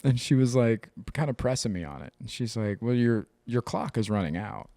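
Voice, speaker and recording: A man's voice: mid-range voice, lively intonation, normal speed, dark tone, no room sound. A man co-hosting a podcast in casual chat, telling stories animatedly, mimicking other people and swearing freely. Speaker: podcast co-host.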